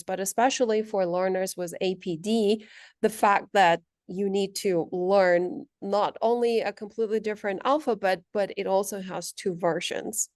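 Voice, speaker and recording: Woman teacher talking thru her slides, slow and careful, lots of little pauses, dry close sound. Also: medium pitch, darkish tone, dry recording. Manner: measured, explanatory, pauses on fillers. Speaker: language instructor presenting. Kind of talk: presentation walking through slides.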